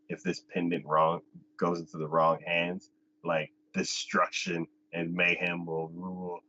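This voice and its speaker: On his anime podcast, a man casually recaps an episode, switching into high, squeaky character voices and laughing often. His voice is a bit bright, and the audio sounds dull.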